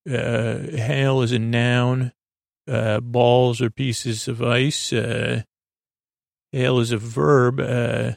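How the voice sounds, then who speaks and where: A man hosting a sleep podcast, recapping an episode in a halting, rambling way with many fillers and restarts. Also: medium pitch, creaky, dry recording, clean studio sound. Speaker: podcast host.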